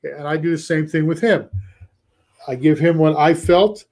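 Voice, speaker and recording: A man hosting a live coaching show in casual talk to his chat. He is energetic, repeats key phrases for emphasis and acts out short role-play lines. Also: on the high side, normal speed.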